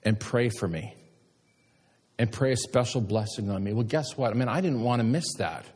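A middle-aged man, a pastor preaching a sermon and telling stories with animated emphasis. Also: medium pitch, normal speed, slightly rough. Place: church sanctuary. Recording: long church hall reverb.

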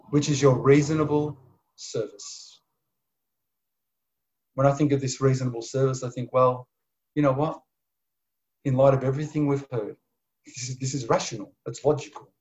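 A man preaching a sermon with passion, swinging from loud pleading to hushed tones. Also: medium pitch. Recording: dull lo-fi sound.

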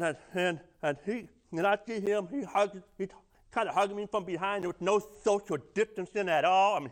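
A man preaching a sermon, telling a personal story with many stammered restarts. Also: sits high. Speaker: pastor.

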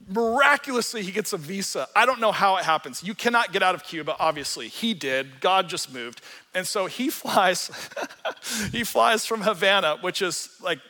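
A man's voice: sits high, bright, forceful tone. A man in his forties preaching a sermon as a pastor, casual and storytelling, with self-deprecating humor. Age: 40s. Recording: reverberant hall.

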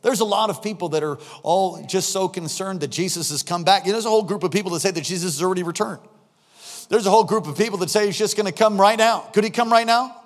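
A man in his fifties preaching from the pulpit with a notably high voice. He tells his sermon with animated bursts, shouting as he acts out little scenes. His voice rings with the long reverb of a large sanctuary. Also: quick pace. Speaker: pastor. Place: church sanctuary.

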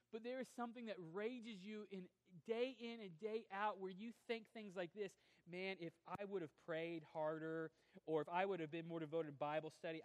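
A male pastor preaching a sermon, swinging between forceful emphasis and quiet, drawn-out lines. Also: high-pitched. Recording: long hall reverb.

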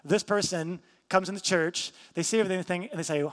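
A man's voice: high voice, a little fast, hardly any pauses, fairly bright tone, in a large hall. A man preaching a sermon as pastor, teaching emphatically, repeating key points and asking rhetorical questions.

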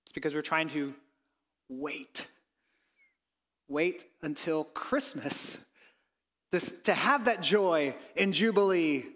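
High-voiced man preaching in a reverberant hall. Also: measured pace. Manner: earnest, voice drops soft on reflective lines and rises on pleading quotes. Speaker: pastor. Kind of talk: sermon.

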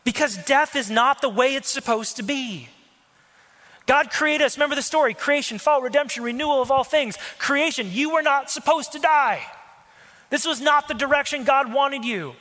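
A man's voice: very high-pitched, normal speed, bright, forceful tone. A male pastor preaching a sermon in a conversational way, with asides and jokes to the congregation, recorded in a church hall. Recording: long hall reverb.

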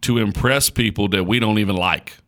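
A man from rural North Carolina, a pastor talking on a podcast in a slow country drawl and checking in with "right?". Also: lowish voice, a bit bright. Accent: rural North Carolina Southern. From North Carolina, USA. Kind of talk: casual podcast chat.

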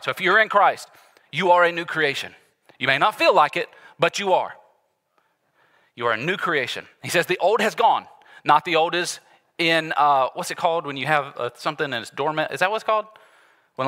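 A man delivering a sermon with a bright, forceful voice and a slightly higher pitch. He talks to the congregation conversationally, then bursts out loudly. The voice rings with a long hall reverb. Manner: animated, conversational preaching with sudden loud bursts. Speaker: pastor.

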